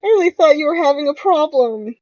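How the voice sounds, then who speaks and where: A woman's voice: sits high, lively intonation, fast, a little mellow, dry recording, muffled recording, voice pushed up. A woman reading as a sweet, polite young scientist. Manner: polite, apologetic.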